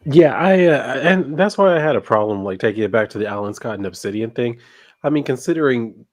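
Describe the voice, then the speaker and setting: A man's voice: mid-range voice, lively intonation, fairly quick. A man co-hosting a casual pop culture chat, heated and ranting, swearing freely. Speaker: podcast co-host.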